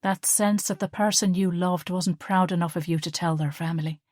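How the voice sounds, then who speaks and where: Female audiobook narrator, even storytelling read, lower voice, dry studio recording. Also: moderate pace, hardly any pauses, no echo.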